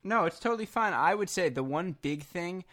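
A man co-hosting a casual podcast, animated and quick to laugh, putting on voices when quoting others. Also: high voice. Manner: animated, laughs often, does mock voices for quotes. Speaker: podcast co-host.

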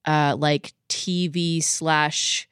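A woman podcast host in casual chat, rambling and animated, with lots of "like". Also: sits low, very slow, smooth, no echo, clean studio sound.

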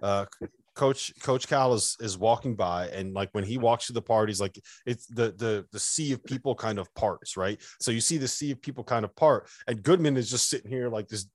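A man co-hosting a sports podcast, telling stories in a lively, laughing way. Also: mid-range voice, normal speed, dry recording, studio quality. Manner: animated storyteller, laughs often. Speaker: podcast co-host. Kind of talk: casual chat, storytelling.

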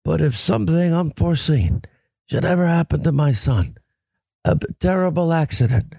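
Brief: male host putting on an aging mob boss, husky, calm and threatening, dry sound. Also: fairly high pitch, moderate pace, no echo. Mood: brooding. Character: aging mafia boss man, hoarse and soft-spoken.

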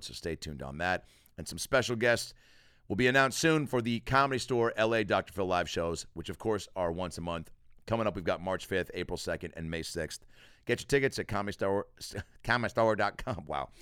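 A man hosting his own podcast in a casual solo monologue, quickly plugging and riffing. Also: lowish voice, a bit bright, clear, resonant tone, no room sound, studio quality. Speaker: podcast host and comedian.

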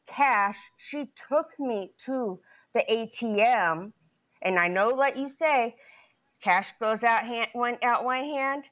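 A woman's voice: a little high, fairly bright tone. A middle-aged woman, the plaintiff in a small claims case, telling her story in a rambling way full of restarts and quoted dialogue. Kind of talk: testimony in a televised courtroom.

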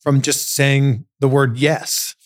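A man's voice: mid-range voice, flat delivery, slow pace, no room sound, clean studio sound. A man from Canada hosting a casual interview podcast and reading listener reviews aloud. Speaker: podcast host.

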